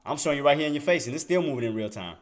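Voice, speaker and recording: A man's voice: on the high side, animated, rapid-fire. A young adult man giving casual, emphatic commentary on trading charts, repeating himself and firing rhetorical questions at his viewers. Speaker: day trader streaming market commentary. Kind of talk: casual screen-share commentary.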